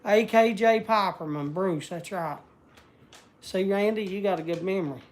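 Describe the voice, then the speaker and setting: A man's voice: high-pitched, moderate pace, a little hiss or hum. Man, casual stream chat, rambling, folksy. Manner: rambling, folksy, searches for words. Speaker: vlogger.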